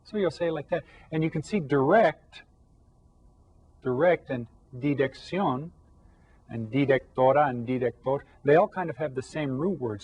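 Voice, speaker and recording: Slightly husky man teaching Spanish words. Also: medium pitch, darkish tone, poor audio. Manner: slow, drawn-out modeling of Spanish words; patient, explanatory teacher talk. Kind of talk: televised classroom lesson for children.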